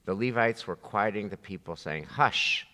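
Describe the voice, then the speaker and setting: A man leading a text-study class, teaching with animated, acted-out voices. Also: on the low side, normal speed. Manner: lively, acts out voices while teaching. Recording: reverberant hall.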